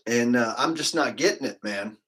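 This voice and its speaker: A man's voice: medium pitch, moderate pace, fairly bright tone, slightly rough. A man hosting a casual livestream, rambling loosely and dropping "man" and "like" as he talks. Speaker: livestream host.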